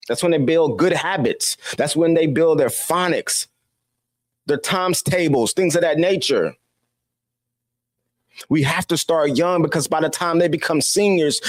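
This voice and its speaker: In a studio-quality recording with no room sound, a man with a fairly high voice gives an unhurried opinion monologue as a political commentator. He scolds and preaches, firing off one rhetorical question after another.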